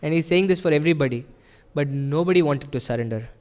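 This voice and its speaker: Earnest man, devotional sermon, slightly high voice, long reverb of a temple hall. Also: fast, darkish tone. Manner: earnest, explanatory, with frequent rhetorical "right?". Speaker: temple speaker.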